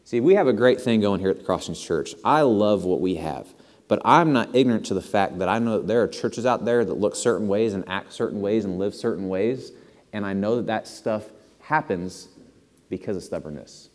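A man preaching a sermon to his church, earnest and building to animated emphasis. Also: lowish voice, normal speed, in a large hall. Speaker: pastor. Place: church sanctuary.

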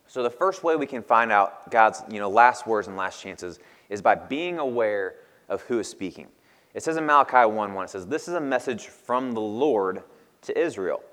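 A man's voice: lowish voice, expressive, normal speed, fairly bright tone. A man in his thirties preaching a sermon in a casual, conversational way with frequent laughs. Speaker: pastor. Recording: long reverb of a hall.

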